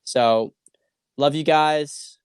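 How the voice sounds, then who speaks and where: A man's voice: fairly high pitch, extremely slow, clear, resonant tone, no room sound, clean studio sound. Blunt, profane male livestream host. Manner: blunt and profane, with frequent repetition and restarts. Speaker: show host. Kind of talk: casual livestream commentary answering viewer questions.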